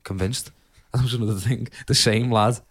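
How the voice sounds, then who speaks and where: A man's voice: mid-range voice, flat delivery, fairly quick, husky. A young man telling a rambling childhood story on a podcast, laughing often and using lots of fillers. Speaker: podcast co-host. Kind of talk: casual storytelling chat.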